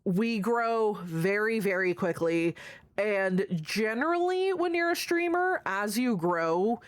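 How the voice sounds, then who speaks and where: A woman's voice: mid-range voice, expressive, slow, dry recording. A woman streamer chatting casually with her viewers, greeting them by name, affectionate and swearing freely. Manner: swears freely while reading chat aloud. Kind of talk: casual live-stream chat.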